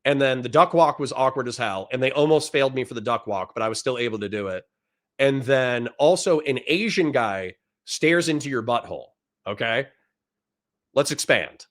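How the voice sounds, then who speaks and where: A man's voice: medium pitch, a bit bright. A man, a Marine veteran, telling a rambling, profane story in casual chat and often breaking into laughter.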